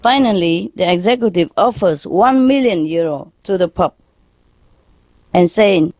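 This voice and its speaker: A woman's voice: lowish voice, moderate pace, darkish tone, no room sound. A woman telling jokes in a lecture, often chuckling and asking the audience questions. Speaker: spiritual teacher lecturing an audience. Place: lecture hall in Paris.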